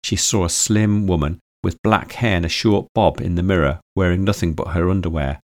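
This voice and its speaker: A male audiobook narrator with a deep, low voice, reading in a steady and even way. The recording is close and dry, with no room sound. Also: moderate pace, dry recording. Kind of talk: audiobook storytelling.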